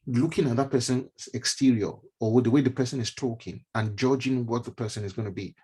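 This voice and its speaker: Brief: husky-voiced male neurologist, emphatic, repetitive motivational teacher, mid-pitched. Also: fairly even intonation, a little fast, dark tone. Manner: emphatic, repeats key phrases; conversational asides and fillers. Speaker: neurologist giving a mentorship talk. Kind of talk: motivational teaching talk with slides. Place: online stream presentation.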